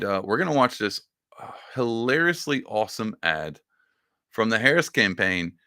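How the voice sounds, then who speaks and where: Sarcastic male reaction host, bright and lively. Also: on the low side, vocal fry, no echo, studio quality. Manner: sarcastic, mocking, rambling. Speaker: political commentary host. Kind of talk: casual reaction commentary.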